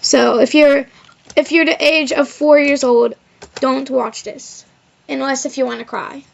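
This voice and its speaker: Speaking unhurriedly in a high pitch with vocal fry, this woman vlogger meanders through a personal anecdote, leaning heavily on "like" and "of course." Her intonation stays fairly even, and the lo-fi audio comes across a little dull.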